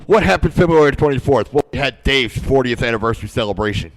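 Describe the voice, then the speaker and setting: A man's voice: mid-range voice, lively intonation, fast talker. A man hosting a wrestling podcast, hyped up, playful and sarcastic as he chats to his listeners. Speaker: podcast host. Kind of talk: casual wrestling podcast chat.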